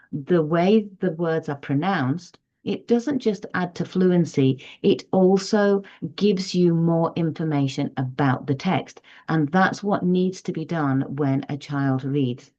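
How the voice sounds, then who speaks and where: A woman teaching parents how to read aloud to children, speaking slowly and carefully with expressive intonation. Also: sits low, highs cut off. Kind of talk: instructional video lesson.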